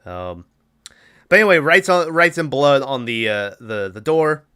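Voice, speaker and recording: A man's voice: mid-range voice, expressive, measured pace, sharp tone, clean tone. A man hosting a podcast, recapping a movie in rambling casual chat with acted-out quotes. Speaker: podcast host.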